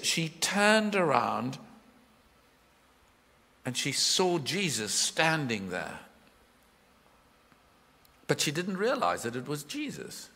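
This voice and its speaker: A man preaching a live sermon in a church, expressive and full of questions to his listeners. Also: on the high side, creaky. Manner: expressive, questioning, voices the Bible figures in his retelling. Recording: hall reverb from a live church.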